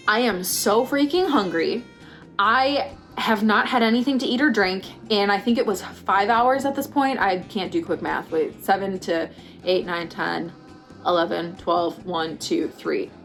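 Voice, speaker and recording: Pregnant young woman ranting on her vlog, voice jumps way up for quotes, faint music under it. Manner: animated, acts out quotes with pitch jumps. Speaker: vlogger. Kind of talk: casual storytelling vlog.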